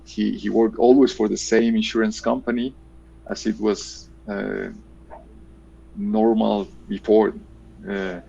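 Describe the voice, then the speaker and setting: A man's voice: lowish voice, creaky, a little mellow, husky, highs cut off. A man in his fifties with a Colombian Spanish accent, answering interview questions hesitantly and repeating words as he thinks. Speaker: guest, engineering professor.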